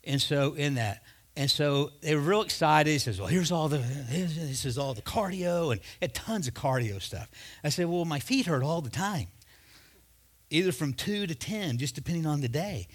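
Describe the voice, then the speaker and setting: A man in his fifties delivering a sermon as a pastor. He talks in a loose, conversational way, and his voice sits somewhat high for a man. He moves into personal stories and acts out the back-and-forth of the dialogue. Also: lively intonation, normal speed. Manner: conversational storytelling, acting out dialogue.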